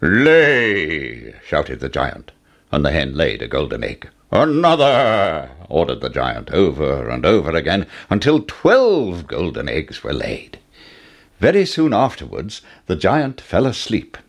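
A man reading a fairy tale aloud as a storybook narration, with dramatic, expressive delivery. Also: extremely low pitch, a little slow, gravelly.

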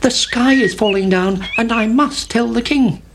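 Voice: medium pitch, a little slow, background noise, pitched above the performer's own voice, close to an everyday voice. A storyteller voicing an anxious little chicken in a read-aloud storybook, speaking urgently and earnestly.

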